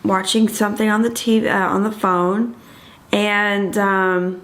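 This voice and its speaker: A woman's voice: medium pitch, little pitch movement, a little slow, fairly bright tone. A woman co-hosting a casual podcast, telling a story in a chatty, rambling way full of fillers. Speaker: podcast co-host.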